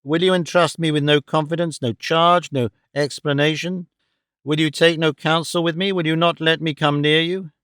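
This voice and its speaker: A man's voice: fairly high pitch, fairly even intonation, normal speed, a bit bright, clean tone, dry recording, clean studio sound, natural voice. A man voicing an earnest, troubled son. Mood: pleading. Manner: earnest, pleading. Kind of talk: audiobook character voice.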